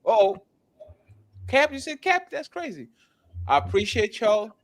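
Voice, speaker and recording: A man's voice: sits high, very animated, unhurried, dry recording. A man hosting a live-streamed talk show, chatting loosely, stumbling over restarts and thanking viewers by name. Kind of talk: casual live-stream chat.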